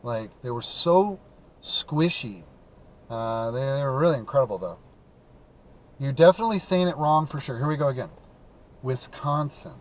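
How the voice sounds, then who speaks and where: Driving his car, a Midwestern man hosts a call-in talk show as a casual live-stream chat. His mid-range voice is animated with a darkish tone at normal speed, and he pauses often, rambling with plenty of fillers and restarts.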